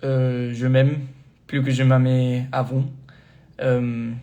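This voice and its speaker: A young man with a mid-pitched voice chats easily on a phone livestream, answering fans as he goes. He reads comments aloud and laughs often. He slips from one language to another without a pause. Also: flat delivery, mellow. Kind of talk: casual livestream chat.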